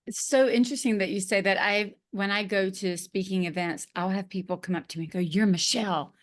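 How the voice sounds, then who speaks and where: A woman's voice: mid-range voice, fairly even intonation, quick pace. Chatty Southern woman host. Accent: Southern American. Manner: chatty storyteller, amused. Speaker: podcast host. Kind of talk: casual interview chat.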